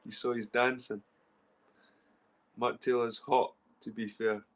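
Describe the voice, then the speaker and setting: Speaking slowly in a mid-range voice with little pitch movement, a man from Scotland reads and responds to chat on his casual livestream. He rambles, swears and says things more than once.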